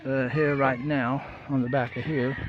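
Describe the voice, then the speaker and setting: Folksy rambling man, casual shop walkthrough, muffled lo-fi sound, loud roosters and traffic behind. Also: mid-range voice, flat delivery, unhurried. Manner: folksy, rambling, many fillers. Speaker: vlogger building a boat.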